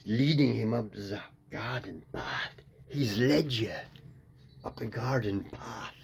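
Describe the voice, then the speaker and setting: A man's voice: on the low side, slow, gravelly, slight background noise. A man in a rambling, free-associating comic monologue that jumps playfully between tangents. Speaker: comedian.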